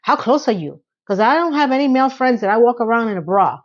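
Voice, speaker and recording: A woman's voice: on the high side, expressive, fast, highs cut off. A woman giving a casual, sassy TV recap, talking straight to the viewer in a chatty way. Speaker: recap vlogger.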